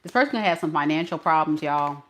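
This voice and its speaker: A woman's voice: sits low, lively intonation, fast talker. A woman giving a casual tarot reading in a sassy, teasing way, often trying not to laugh. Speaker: tarot reader.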